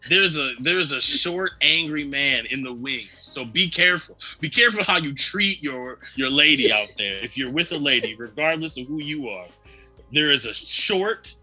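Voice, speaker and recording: A man co-hosting a casual chat show, animated and laughing often, acting out quoted lines as he talks. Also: a little high, normal speed, soft background music. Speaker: co-host. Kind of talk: casual chat about tabletop games and anime.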